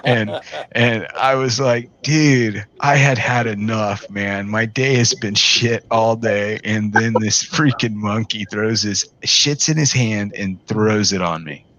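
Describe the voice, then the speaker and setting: A man's voice: fairly low pitch, slow, bright, forceful tone. A man casually telling a long, profane story to friends, laughing often as he talks. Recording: dull lo-fi sound with faint noise.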